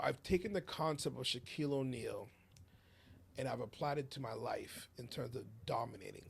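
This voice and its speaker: A man commentating a school soccer game in a relaxed, talkative, joking way. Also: mid-range voice, creaky, slight background noise. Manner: talkative, laid-back, jokey. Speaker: sports commentator. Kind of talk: casual play-by-play chat.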